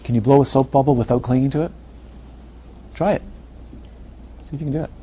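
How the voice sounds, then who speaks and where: A man's voice: medium pitch, steady tone, fairly quick, dark tone. A man giving a meditation talk, repeating phrases and asking playful rhetorical questions, on a dull lo-fi recording. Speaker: meditation teacher. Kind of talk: dharma talk. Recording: dull lo-fi recording, faint hiss.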